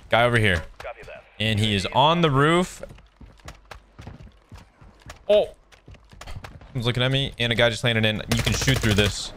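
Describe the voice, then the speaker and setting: A man giving excitable, joking gameplay commentary with sarcastic trash talk while playing a shooter game. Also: medium pitch, unhurried, pauses often, music in the background. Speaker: gaming video creator. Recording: loud game gunfire behind voice.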